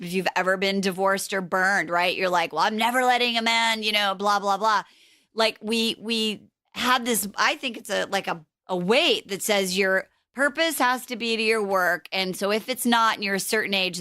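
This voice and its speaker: A woman's voice: medium pitch, bright, forceful tone, dry recording, clean studio sound. A woman hosting a podcast, talking frankly and casually with plenty of fillers and the odd swear. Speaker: podcast host. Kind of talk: casual interview chat.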